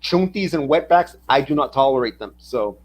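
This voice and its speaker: A man's voice: medium pitch, animated, normal speed, darkish tone. A man in a casual chat, teasing his co-host and joking along. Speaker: podcast co-host.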